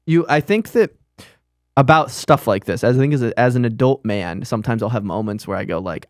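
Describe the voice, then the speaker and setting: A man's voice: mid-range voice, lively intonation, fairly quick, a little mellow, no room sound. Rambling self-deprecating man, dry sound. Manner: rambling, self-deprecating, restarts his sentences. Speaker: comedian guest on podcast. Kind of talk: casual comedy podcast chat.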